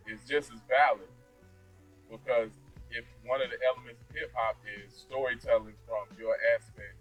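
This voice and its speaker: A man's voice: mid-range voice, rough recording. A man with a Southern US accent, talking casually over a video call and building his points emphatically. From Southern United States. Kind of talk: casual discussion.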